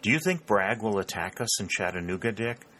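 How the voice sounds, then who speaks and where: A man voicing a quiet young Union soldier. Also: lowish voice, animated, brisk, a little hiss or hum. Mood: earnest. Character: young male Union soldier, steady and confident.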